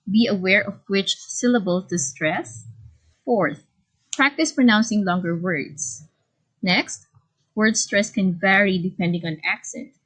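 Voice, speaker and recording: A woman's voice: medium pitch, fairly bright tone, low-quality recording. Woman teaching English pronunciation. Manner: clear, explanatory teacher's delivery. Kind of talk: recorded online lesson.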